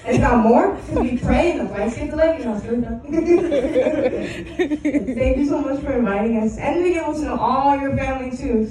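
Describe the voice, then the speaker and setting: Gushing young woman toasting in a hall. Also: sits high. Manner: breezy slang, laughing, gushing. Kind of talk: casual heartfelt party toast. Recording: echoey hall, far mic, crowd.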